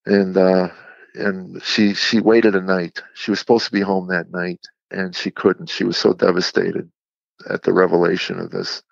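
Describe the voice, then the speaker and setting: A deep-voiced man with a gravelly edge tells a candid personal story as an interview guest. He speaks haltingly and reflectively, often restarting and repeating his words. The sound is dry and a bit dull, like a lo-fi recording. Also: little pitch movement, no room sound. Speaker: guest, Christian comedian.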